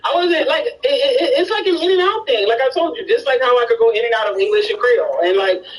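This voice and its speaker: A man's voice: extremely high pitch, quick pace, recorded from a distance, low-quality recording. A man from Miami with a Miami accent, chatting casually and hesitantly, with frequent restarts and fillers. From Miami, Florida. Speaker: conversation partner. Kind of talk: casual chat.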